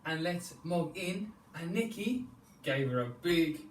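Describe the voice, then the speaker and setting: A man leading a children's storytelling yoga class, playful and animated, coaxing the children through each pose. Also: on the high side, unhurried, a little hiss or hum. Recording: echoey room, distant mic, faint ambience.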